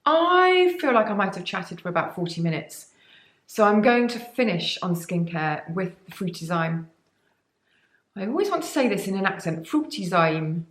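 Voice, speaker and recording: A woman's voice: medium pitch, sing-song, moderate pace, roomy sound. A woman, a beauty vlogger, chatting to camera about products with enthusiasm and rambling, cheeky asides. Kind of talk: sponsored product chat to camera.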